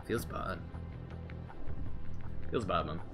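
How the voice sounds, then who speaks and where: A young man live-streaming a mobile game, chatting casually with slang and quick exclamations while reading his viewers' chat. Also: deep voice, music in the background. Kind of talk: live mobile gameplay commentary.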